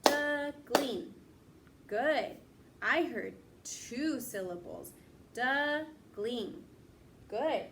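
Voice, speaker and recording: A woman teaching young children, slowly stretching out words and encouraging them to repeat. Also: on the high side, slight background noise. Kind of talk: classroom lesson for young children.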